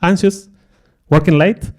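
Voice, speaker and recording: This conference talk comes from a middle-aged man with a high-pitched, unhurried voice. His personal story is animated and self-mocking, and he acts out the thoughts he quotes.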